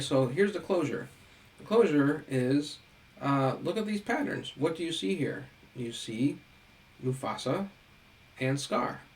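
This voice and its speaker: A middle-aged man gives a recorded lecture in a relaxed, conversational way, with a gravelly edge to his voice. He sits at a middle pitch for a man and keeps asking his listeners rhetorical questions. He punctuates his points with a quick "right?". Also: low-quality recording. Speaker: education lecturer.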